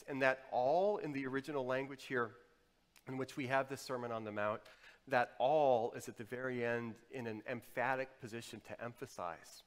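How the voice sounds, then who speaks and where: A man, a pastor, preaching a sermon with dynamic delivery, dropping to quiet emphasis and rising to loud exhortation. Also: medium pitch, normal speed. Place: church sanctuary. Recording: long hall reverb.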